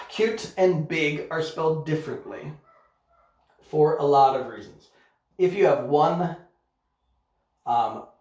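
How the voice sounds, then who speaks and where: A man teaching English in a recorded online lesson, explaining patiently step by step and often checking in with "okay?". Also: mid-range voice. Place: Korea. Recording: echoey room, muffled sound.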